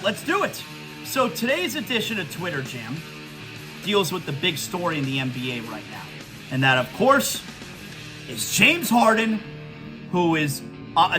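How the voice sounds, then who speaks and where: A man's voice: sits high, bright, forceful tone. A man hosting a sports talk show, ranting emphatically and reading live ads. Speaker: sports radio host.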